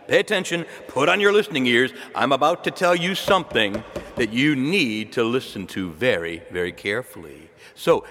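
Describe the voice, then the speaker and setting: A man's voice: medium pitch, expressive, moderate pace, bright, forceful tone, in a large hall. A man preaching a homily as a priest, emphatic, repeating key words and adding rhetorical asides. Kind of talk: sermon.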